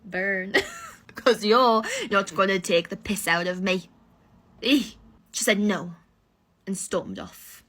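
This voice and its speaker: A woman's voice: mid-range voice, lively intonation, slow, a bit bright. A young woman tells a casual storytime rant, sarcastic and exasperated, acting out both sides of the exchange.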